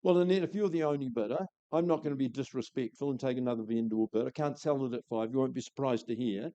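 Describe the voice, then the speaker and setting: A man's voice: mid-range voice, fast talker, mellow, smooth, dry recording, dull audio. A man with a New Zealand accent calling a live property auction, with a florid, enthusiastic sales patter.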